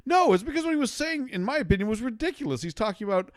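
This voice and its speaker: A man's voice: high voice, sing-song, racing, hardly any pauses, dry recording, studio quality. A man hosting a podcast, debating casually, stammering through restarts and swearing as he gets worked up. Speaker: podcast host.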